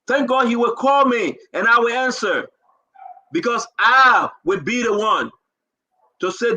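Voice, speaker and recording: Liberian guy, high bright voice, fired up and close to tears, keeps repeating himself like a rally speech. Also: lively intonation, unhurried. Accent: Liberian English. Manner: emotional, declamatory, repeating phrases. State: holding back tears. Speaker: talk show host. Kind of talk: impassioned political speech.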